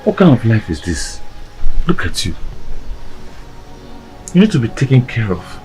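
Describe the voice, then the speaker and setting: A man's voice: medium pitch, big pitch swings, a little slow, darkish tone, soft background music, rough recording. A man playing a young gateman who laments his poverty and pleads humbly. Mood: despairing. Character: despairing poor young husband. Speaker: gateman and husband.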